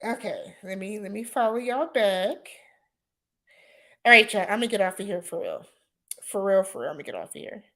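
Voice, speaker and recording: A woman hosting a casual livestream chat, answering viewer comments and laughing often, with relaxed speech full of y'all and imma. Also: medium pitch, normal speed, long pauses. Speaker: livestream host.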